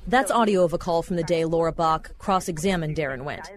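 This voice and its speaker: A woman host narrating the story in a measured, scripted way. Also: low voice.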